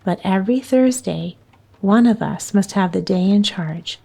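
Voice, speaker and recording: A firm, no-nonsense young girl who takes charge of everyone, read out by a woman in her own slow, mellow voice. She lays down plans with brisk authority and a touch of scorn. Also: medium pitch, gravelly. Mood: bossy. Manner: firm, commanding, sometimes scornful.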